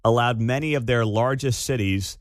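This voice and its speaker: A man's voice: mid-range voice, moderate pace, dry recording. A man hosting a talk radio show, delivering an opinionated monologue with an incredulous, sarcastic edge. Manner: incredulous, sarcastic, laughs at the absurdity. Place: radio studio. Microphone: studio microphone.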